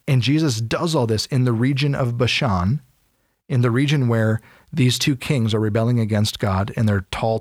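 Here a man with a mid-range voice co-hosts a podcast, chatting casually about Bible passages and performing the quotes as he tells the story with animation. The recording is dry and studio quality.

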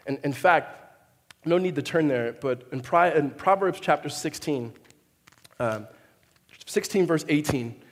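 A fairly high-voiced male pastor preaches in a reverberant church hall, animated and expressive. He restarts phrases often and slips into quoted voices as he goes. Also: a little slow, pauses often. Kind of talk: sermon.

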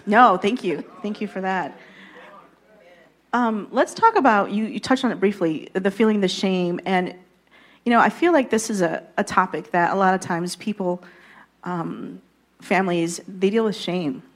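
A woman's voice: medium pitch, moderate pace. A woman with a mid-range voice hosts a faith-based interview. She affirms her guests and asks them to share their experiences. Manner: affirming, frequent amens and encouragement. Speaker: host.

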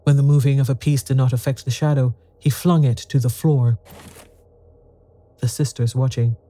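Dark-toned audiobook narrator. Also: mid-range voice, fairly even intonation, normal speed. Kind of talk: audiobook narration of a ghost story.

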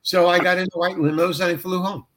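A middle-aged man telling a story as an interview guest, acting out the quoted lines. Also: fast talker. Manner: animated, acts out quoted lines with jumps in pitch. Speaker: actor guest. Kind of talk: anecdotal storytelling.

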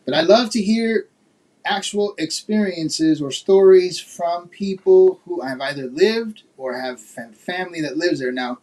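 A man's voice: sits high, unhurried, a little mellow, low-quality recording. A man from Florida hosting a casual podcast chat, asking loose, rambling questions with lots of fillers. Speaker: podcast host.

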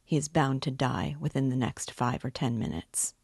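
A woman reading aloud, voicing a precise, mistrustful little old male doctor who speaks quietly and bluntly. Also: extremely low pitch, moderate pace, gravelly, breathy edge, no room sound, studio quality, heavily acted. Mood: grim. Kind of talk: audiobook reading.

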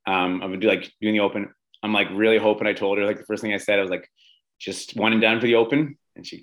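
A man's voice: lowish voice, a bit bright, poor audio. A man who coaches an athlete, talking casually and with enthusiasm in an interview, full of "um" and "like". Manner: enthusiastic, many fillers like "um" and "like".

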